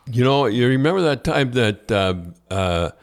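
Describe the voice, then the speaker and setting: A man's voice: medium pitch, animated, normal speed. An older man hosting a podcast, telling long, rambling anecdotes full of restarts and repeated words. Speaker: podcast host. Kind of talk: casual storytelling chat.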